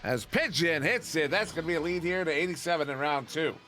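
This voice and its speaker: A man's voice: a little high, animated, pushed and bright, faint music behind. A man casting a virtual reality sports match with play-by-play calls and playful joking asides. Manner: joking, playful asides, quotes action-hero one-liners; rapid play calling. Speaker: esports caster. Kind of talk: play-by-play commentary.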